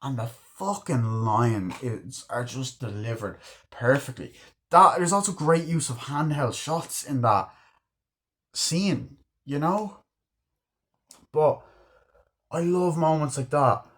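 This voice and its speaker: A man's voice: medium pitch, slow, pauses often, fairly bright tone. Rambling, swearing young man reviewing a movie. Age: 20s. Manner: rambling, profane, enthusiastic. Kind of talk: casual chat.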